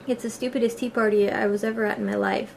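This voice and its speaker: A woman's voice: on the high side, fairly even intonation, fast talker, gravelly, slight background noise. A woman reading as Alice, a curious and polite young girl, in a slightly raised, eager voice.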